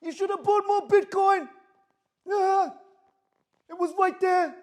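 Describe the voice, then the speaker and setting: A man putting on a high, scolding voice with a New Jersey accent, nagging about missed chances. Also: steady tone, takes it slowly. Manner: scolding, insistent.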